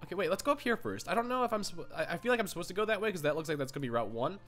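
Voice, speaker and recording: Excitable high bright young gamer guy. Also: very fast. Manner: excitable, rambling, many "like"s. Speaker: gaming YouTuber. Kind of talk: casual let's play commentary. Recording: game music underneath.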